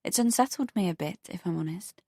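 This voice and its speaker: A woman narrator gives voice to an anxious heroine who keeps her answers polite and guarded. Her speech stays close to the reader's own voice, with lively inflection, recorded dry and close with no room around it. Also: lowish voice, fairly quick, husky, no room sound. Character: anxious young woman, the first-person heroine.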